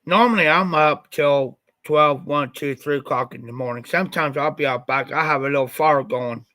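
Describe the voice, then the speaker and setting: Hosting his own livestream, an Ohio man tells a long, winding story at a moderate pace, often repeating "I said," and sounds a bit stuffed up after a recent flu. His voice is fairly high and bright with a tense edge, and the sound is dry and close with no room sound.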